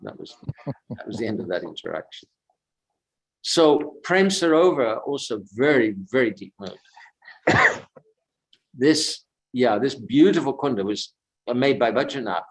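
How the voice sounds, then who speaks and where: On a pilgrimage walk beside a sacred lake, a man tells devotional stories in an unhurried, reflective way, wandering between anecdote and commentary. His voice is mid-range with lively intonation, though the audio is poor.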